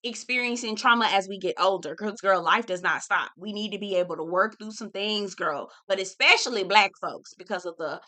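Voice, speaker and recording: A young woman hosts a reality TV recap in a relaxed, candid way and speaks straight to her audience. Her voice is bright and crisp, her pitch sits in a middle range, and her tone is blunt and gossipy. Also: brisk, few pauses. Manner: candid, chatty, swears and talks to viewers as "girl" and "y'all". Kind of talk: casual chat.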